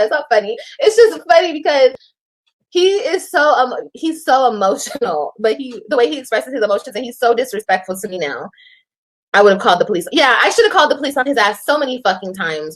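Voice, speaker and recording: A woman telling her side of a breakup on a livestream in an animated, profane way, repeating lines for emphasis. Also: medium pitch, brisk. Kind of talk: casual livestream storytelling.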